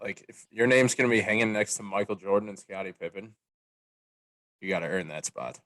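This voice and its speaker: A man co-hosts a casual sports chat in a lowish voice with a dry, close sound. He is measured and deadpan and lays down his opinions firmly. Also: no echo. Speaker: podcast co-host.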